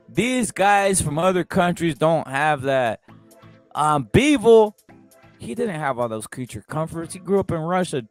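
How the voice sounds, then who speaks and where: A man hosting a live boxing talk stream who speaks in an animated, profane way, asks rhetorical questions over and over and drives his points home by repeating them. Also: fairly high pitch. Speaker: host.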